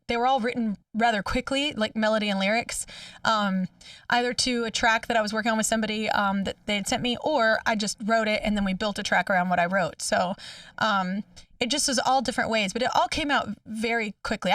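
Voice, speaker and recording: Bright high-voiced woman, chatty guest. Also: dry recording, studio quality, distant mic. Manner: chatty, laughs often, lots of fillers. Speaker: singer, interview guest. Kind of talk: casual radio interview chat.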